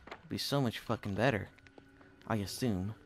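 A man giving let's play commentary on a horror game, jumpy and cursing loudly at the game. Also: on the low side, normal speed, soft background music. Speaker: gamer.

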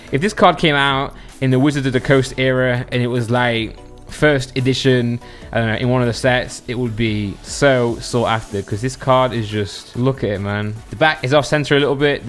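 A man's voice: mid-range voice, a bit bright. A man chatting casually to viewers as he opens card packs, joking and reading out card names. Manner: chatty and jokey, reads card names quickly. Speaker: card collector opening packs. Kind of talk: casual unboxing commentary.

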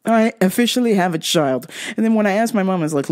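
A woman hosting a podcast in casual chat, blunt and profane, with bursts of loud laughter. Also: medium pitch, expressive, very fast, hardly any pauses. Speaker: podcast host.

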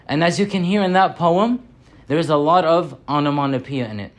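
A young man giving a Friday sermon as a story, animated and slowing down on key points. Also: on the high side.

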